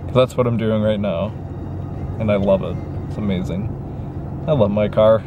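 A man's voice: on the low side, fairly even intonation, moderate pace, phone-quality sound, noisy background. A young man vlogging to camera from his parked car at night, sleepy and chatty, rambling to his viewers. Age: young adult. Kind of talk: casual vlog talk to camera. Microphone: handheld camera.

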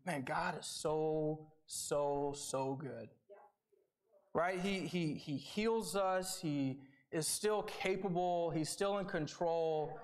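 A young man giving a conversational sermon, earnest and informal, often checking in with "right?". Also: a little high. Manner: conversational, earnest, with repeated starts and "right?" asides. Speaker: preacher.

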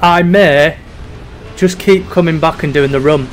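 A man's voice: a little high, measured pace, a little hiss or hum. A young man giving casual, sweary commentary while playing a video game. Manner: chatty and sweary, drifting between mock despair and giggles. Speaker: gaming YouTuber.

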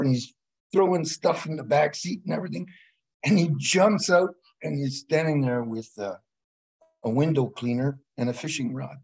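A man with a husky, slightly breathy voice, telling a story in a laid-back, unhurried way. He is a guest on a casual martial arts chat. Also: on the high side, a little mellow, rough recording. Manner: laid-back storyteller, laughs at his own tale.

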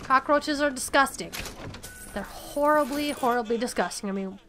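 A young woman hosting a let's-play, chatty and quick to swear and get upset at the game. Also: high voice, fairly bright tone, a little hiss or hum. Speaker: gaming channel host. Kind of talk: casual let's-play commentary.

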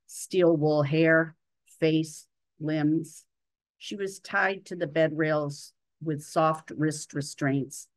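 Low, slow woman reading a story. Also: dry recording. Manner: measured, literary reading. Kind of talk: reading a personal story aloud.

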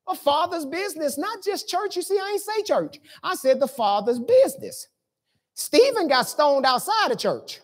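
A man's voice: very high-pitched, big pitch swings, moderate pace. A man pastor from the preaching a sermon in church, in a talky, colloquial way full of rhetorical questions. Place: church sanctuary.

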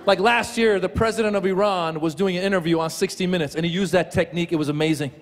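A man performing a stand-up comedy set in a large theater, animated and playful, slipping into voices as he tells his jokes. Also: sits high, fast, big-room sound. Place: large theater with a live audience. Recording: live stage recording with loud audience.

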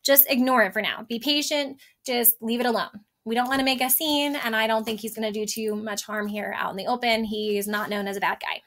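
A woman's voice: on the high side, fairly even intonation, fairly quick, few pauses, fairly bright tone. A woman teacher explaining a play line by line in a casual way, with frequent ums and rephrasings.

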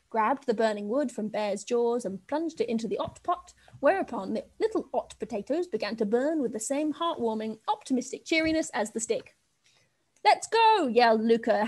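A woman reads a children's novel aloud with a lively, amused delivery. Her voice sits a little higher than most women's. Between chapters she chats in an easy, playful way. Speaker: reader.

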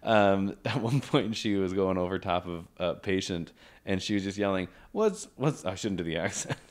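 Laughing young man, low voice. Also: fairly even intonation, normal speed. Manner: laughs often, acts out quoted voices. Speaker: podcast co-host. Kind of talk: casual chat.

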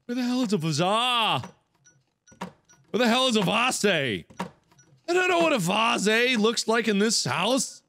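A young man giving let's-play game commentary, swinging from muttered asides to panicked yelling. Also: sits high, sing-song, slow pace, creaky, long pauses, a little hiss or hum. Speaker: gaming video host.

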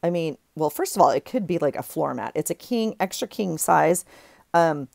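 A woman's voice: deep voice, moderate pace, gravelly, a little mellow, no room sound, clean studio sound. A middle-aged woman gushing over craft finds in a rambling, casual haul chat, often breaking off mid-sentence. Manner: gushing, rambling, self-interrupting. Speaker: craft vlogger.

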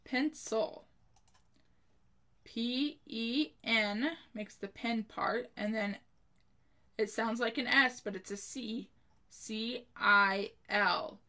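With a fairly high, pushed, bright voice, a woman gives children a slow spelling lesson. She carefully spells each word letter by letter and then supplies an example sentence.

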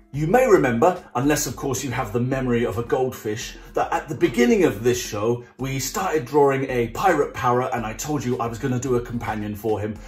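A man hosting a children's art club, explaining each drawing step in a chatty, playful, jokey way. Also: medium pitch. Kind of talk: drawing tutorial for kids. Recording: roomy sound with faint music.

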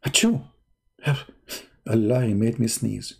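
A man hosting a live-stream debate, talking in a sarcastic, mocking, drawn-out way. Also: mid-range voice, lively intonation, gravelly, mellow, husky.

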